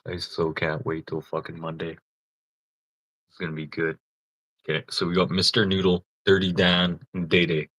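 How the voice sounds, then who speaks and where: A man's voice: low-pitched, monotone, normal speed, a bit bright, dry recording, dull audio. A man chatting casually on a livestream, often swearing, laughing and teasing. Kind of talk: casual live-stream chat.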